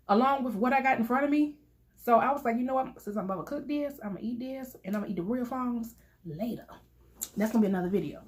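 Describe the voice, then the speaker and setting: A young woman chatting playfully to her viewers while eating, laughing often as she talks. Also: fairly high pitch. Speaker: mukbang vlogger. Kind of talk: casual chat while eating.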